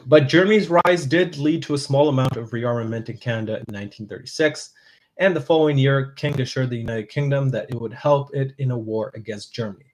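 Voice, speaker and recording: A man reading a scripted history narration in a steady, measured way, with dry asides. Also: medium pitch, low-quality recording.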